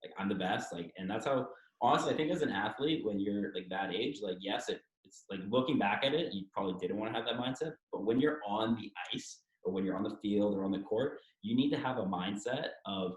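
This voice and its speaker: A former hockey player from Toronto, Canada, a man in his thirties, tells his story candidly as an interview guest, swearing freely and acting out what others said. His voice is lowish and fairly quick with lively intonation, and the room is echoey.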